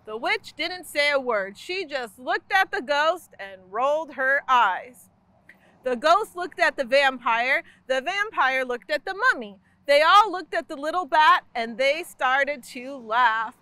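A woman storyteller reading a children's picture book aloud, expressive and quick to act out the sound effects. Her voice is very high and bright, and she swoops widely in pitch at an unhurried pace. The recording is close and dry. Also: no room sound. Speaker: library storyteller.

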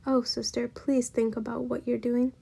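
A meek, worried spinster who softly pleads with her bossy sister, as a woman reads her in a storybook. The voice is husky and a bit gravelly. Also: fairly high pitch, flat delivery, moderate pace.

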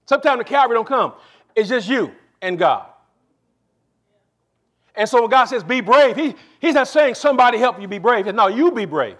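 Very high-pitched, expressive and a bit bright, a male pastor's voice moves between slow, stressed phrases and quick asides during his sermon. He frequently calls on the congregation to respond.

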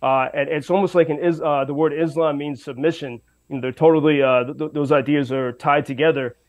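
A man's voice: a little high, steady tone, brisk, poor audio. A man reporting by radio from western Ukraine, speaking unscripted with many fillers and restarts. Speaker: radio correspondent.

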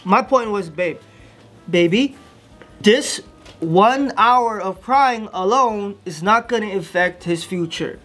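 A new dad talks casually with friends on a podcast, restarting his phrases often. His voice sits high for a man, and the whole delivery is relaxed. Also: soft background music. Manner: halting, repeats words, laid-back. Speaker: podcast co-host, new father.

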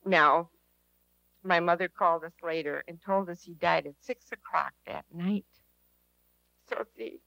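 A woman's voice: fairly low pitch, a little slow, vocal fry, pauses often, pushed and bright, no room sound, poor audio. A woman telling a personal testimony to an audience in an earnest, emphatic way, repeating her key phrases. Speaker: speaker at a prayer teaching session.

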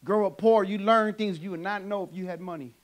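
A man from California performing an animated stand-up comedy set for a church audience. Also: high voice, brisk. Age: adult. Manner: animated storytelling punchlines. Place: church sanctuary, live audience.

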